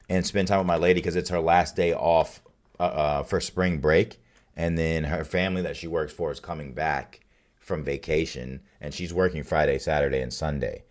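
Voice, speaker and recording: Tired male streamer, deep and raspy, easygoing sign-off chatter. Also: steady tone, normal speed. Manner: upbeat, rambling shout-outs to chat. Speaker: streamer hosting a watch party. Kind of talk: casual live-stream sign-off chat.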